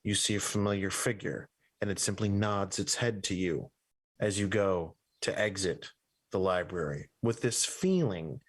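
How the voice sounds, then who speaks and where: A man running a tabletop game as game master, narrating scenes in a loose, halting way with fillers and restarts. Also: low-pitched.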